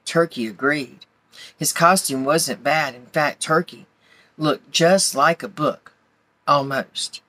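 A woman reads a children's picture book aloud, gentle and expressive. She takes her time, her voice is bright and clear, and the sound is close and dry. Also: low voice, slow, no room sound. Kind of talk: storybook read-aloud.

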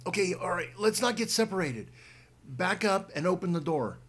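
Pushy teenage boy in a storybook reading, voiced by a man, raised high and husky, urgent. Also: animated, moderate pace, a bit bright, heavily acted. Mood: urging. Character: determined teenage boy leading the way.

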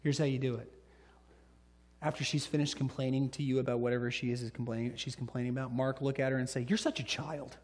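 A middle-aged man preaching a sermon, telling stories with lively delivery and acting out little voices. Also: medium pitch, fast. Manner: animated storytelling, acts out voices. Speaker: pastor. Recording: echoey hall.

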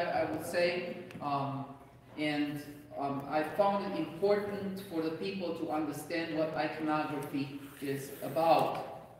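A man's voice: fairly high pitch, a little hiss or hum. A man in his forties with a Romanian accent, a priest giving a parish lecture in a conversational way with some restarts. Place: large echoey church hall. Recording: echoey hall from far off.

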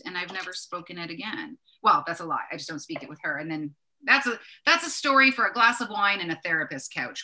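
A woman's voice: mid-range voice, sharp tone. A woman co-hosting a wine tasting, chatty and enthusiastic, correcting herself as she goes. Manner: chatty, self-correcting, enthusiastic about labels. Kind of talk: casual tasting chat.

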